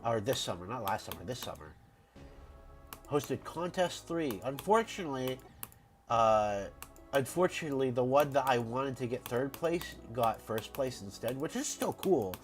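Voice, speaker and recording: A man's voice: medium pitch, expressive, normal speed, faint music behind. Stuffy-nosed man rambling on stream. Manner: rambling, stammers and repeats words. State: congested from a cold. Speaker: game streamer. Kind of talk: casual live-stream chat.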